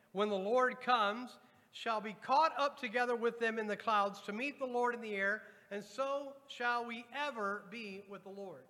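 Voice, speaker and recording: Long hall reverb fills this church sanctuary recording of a pastor's sermon. His high-pitched voice sounds pushed and bright as he reads scripture aloud and talks straight to the congregation.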